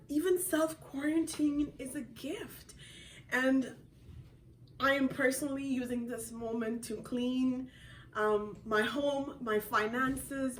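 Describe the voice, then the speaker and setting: A woman's voice: sits high, fairly bright tone, recorded from a distance, a little hiss or hum, poor audio. A woman author hosting a motivational live video from her home, talking earnestly and openly about her own feelings, with frequent laughs. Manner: earnest, self-disclosing, laughs often. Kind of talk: motivational live-stream talk.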